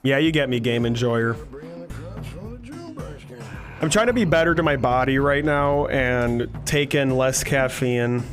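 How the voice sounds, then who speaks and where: A man's voice: mid-range voice, a little slow, pauses often, faint music behind. Loose, joking male game streamer. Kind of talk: casual gameplay commentary.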